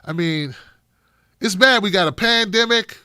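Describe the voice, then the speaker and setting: A man's voice: sits high, a little slow, bright, forceful tone, clear, resonant tone, no echo, clean studio sound. A middle-aged man hosting a live-streamed talk show, reading chat by name and ranting in a blunt, profane way.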